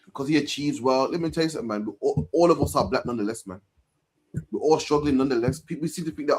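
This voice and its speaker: A man preaching on the street, animated, firing rhetorical questions and closing lines with "man". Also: medium pitch, rapid-fire, husky, rough recording.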